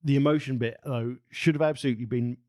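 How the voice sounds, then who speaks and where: A man's voice: mid-range voice, steady tone, quick pace, a little mellow, no echo. Podcast guy, mid voice, swears a lot, stumbles and restarts, dry recording. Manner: emphatic, swears, hesitant restarts. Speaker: podcast co-host. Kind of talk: casual film discussion.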